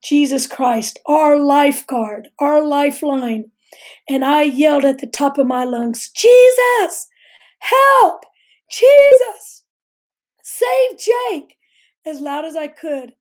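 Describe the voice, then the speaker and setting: A woman's voice: high voice, fairly even intonation, measured pace, mellow. A middle-aged woman earnestly telling a vivid personal story as a guest on a faith talk show.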